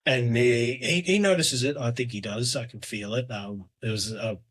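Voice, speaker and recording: A podcast host in his thirties talks alone in a hesitant, reflective way, at medium pitch and normal speed. He uses lots of fillers and restarts and often trails off quietly.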